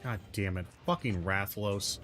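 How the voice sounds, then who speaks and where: A man narrating his own gameplay, muttering and cursing in exasperation, with sudden loud outbursts. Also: lowish voice, a little slow, faint music behind. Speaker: gaming video host. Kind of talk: let's-play commentary.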